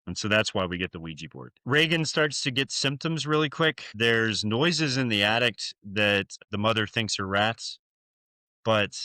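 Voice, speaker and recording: A man's voice: lowish voice, expressive, moderate pace, pushed and bright, no echo. A man co-hosting a podcast, casually retelling a horror film with lots of fillers and swearing. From United States. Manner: loose, profane storytelling with many fillers. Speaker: podcast co-host. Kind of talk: casual movie recap chat.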